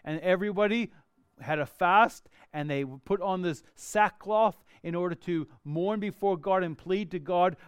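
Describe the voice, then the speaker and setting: A man preaching a sermon, reading scripture aloud and explaining it with expressive, emphatic bursts. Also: high voice, unhurried, smooth, no room sound, clean studio sound. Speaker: pastor.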